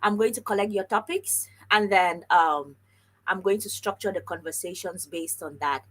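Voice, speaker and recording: A woman's voice: on the low side, normal speed, rough recording. A woman hosting a casual live stream about scholarships, chatting with viewers and reading their comments out. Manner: chatty, animated, talks straight to viewers and reads comments aloud. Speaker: livestream host on scholarships.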